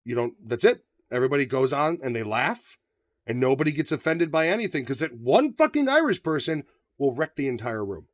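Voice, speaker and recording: A man co-hosting a podcast, chatting casually, profane and animated, often acting out voices. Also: mid-range voice, a little fast, no room sound. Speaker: podcast co-host. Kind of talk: casual banter.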